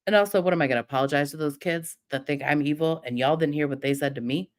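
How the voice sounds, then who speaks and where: A woman's voice: low-pitched, quick pace. Defiant, foul-mouthed woman ranting on a livestream. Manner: profane, defiant, mocking imitations. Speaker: livestream host. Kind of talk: heated livestream rant.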